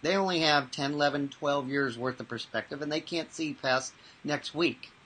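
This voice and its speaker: A man who works as a mental toughness trainer, answering interview questions and telling lively anecdotes with acted-out voices. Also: fairly high pitch, moderate pace, a little hiss or hum, low-quality recording. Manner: animated, acts out voices in anecdotes.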